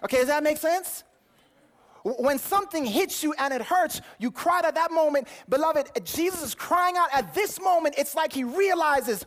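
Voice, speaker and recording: A man's voice: very high-pitched, animated, moderate pace, a bit bright. Earnest male preacher reading scripture. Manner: earnest, repeats words while building to a point; reads scripture aloud in King James wording. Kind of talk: sermon.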